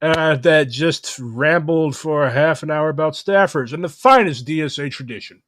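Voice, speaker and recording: A man's voice: fairly high pitch, moderate pace, fairly bright tone, dry recording. Dry, swearing young man podcast host. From St. Louis, US. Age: young adult. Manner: loose and profane, heavy on "like". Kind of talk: casual podcast chat.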